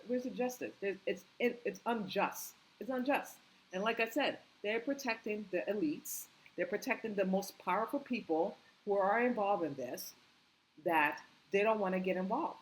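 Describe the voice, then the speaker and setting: A woman delivering an impassioned opinion monologue, indignant and repetitive, firing rhetorical questions and climbing in pitch when angry. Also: rough recording. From United States. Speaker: political commentary vlogger.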